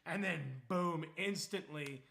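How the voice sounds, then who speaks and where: A young man streaming, chatting casually and telling a story with lots of swearing and loud, animated retellings. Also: a little high, slow pace, creaky. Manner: animated, swears freely, acts out quotes loudly.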